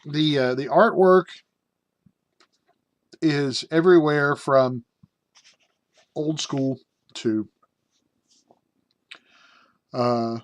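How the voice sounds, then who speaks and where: A man's voice: a little high, drawn-out words, long pauses, dry recording. A middle-aged American man casually reviewing a tabletop game book, rambling with many fillers and joking asides. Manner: rambling, with frequent fillers and self-amused asides.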